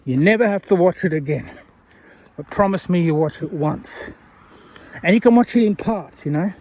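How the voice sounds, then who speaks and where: A man's voice: sits high, animated, moderate pace, a little mellow. An Australian man talking casually to a viewer while walking outdoors along a road, rambling and self-deprecating. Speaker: vlogger. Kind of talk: casual walking vlog talk.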